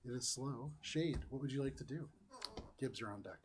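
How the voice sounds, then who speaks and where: A man runs a science-fiction tabletop game as its game master, narrating each turn in an easygoing, conversational voice. His pitch sits in the middle of the range for a man, and his telling drifts between vivid description and casual rules talk. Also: moderate pace.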